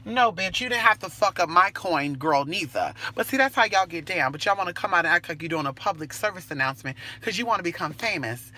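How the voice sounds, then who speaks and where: A brash woman vents to her phone camera while she waits outdoors at a bus stop. Her voice is bright and pointed, and she swears freely with a sassy, cutting edge. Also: fairly low pitch, very animated, brisk. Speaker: vlogger. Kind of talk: casual rant to camera.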